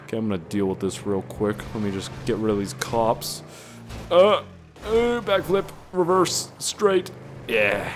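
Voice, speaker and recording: A man giving casual, rambling gameplay commentary, excitable and swearing often. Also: on the low side, measured pace, soft background music. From Canada. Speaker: gaming YouTuber.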